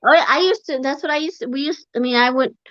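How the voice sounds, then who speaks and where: A woman hosting a casual interview, soft-spoken and a bit hesitant with restarts. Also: high voice, fast, no room sound. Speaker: interviewer host. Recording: dry, muffled lo-fi sound.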